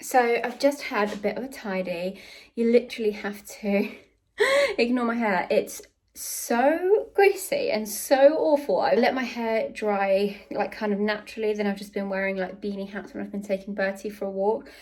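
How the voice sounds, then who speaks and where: A woman's voice: mid-range voice, moderate pace. Chatty young woman vlogging at home. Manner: chatty, rambling, laughs often. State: out of breath. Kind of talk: casual vlog chat. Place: home, walking between rooms. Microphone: handheld phone camera.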